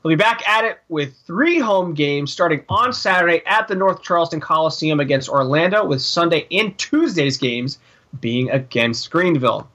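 A man talking hockey on a podcast in a high, animated voice. He rambles and cracks jokes as he goes, his tone bright and forward. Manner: rambling, jokey, quick asides. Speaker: podcast co-host. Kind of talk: casual sports chat.

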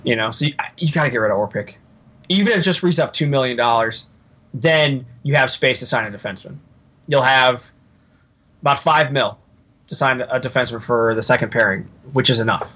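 A man co-hosting a podcast in casual chat, rambling and joking as he thinks out loud. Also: medium pitch, fairly quick. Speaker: podcast co-host.

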